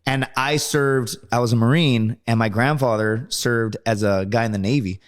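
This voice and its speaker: A man's voice: mid-range voice, moderate pace. A man telling stories as a guest in a casual podcast chat, acting out quoted voices and swearing often. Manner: storytelling, acts out quoted voices, swears a lot.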